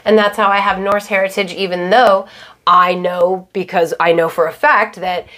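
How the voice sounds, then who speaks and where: A woman's voice: medium pitch, fairly even intonation, moderate pace, a bit bright. An American woman in her thirties, co-hosting a podcast in casual, rambling chat and laughing often. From United States. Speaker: podcast co-host.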